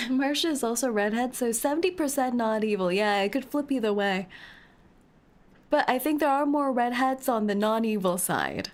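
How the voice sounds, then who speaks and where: A woman's voice: on the high side, animated, normal speed. A woman streamer commenting on a game playthrough, giggling and squealing in mock despair while reading the game text aloud.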